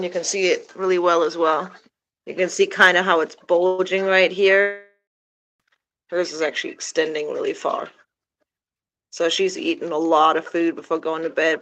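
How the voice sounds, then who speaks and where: A woman's voice: lowish voice, a bit bright, poor audio. A woman who keeps backyard poultry, talking casually through a vlog and using sweet baby talk with her birds. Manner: informal, many "like" fillers.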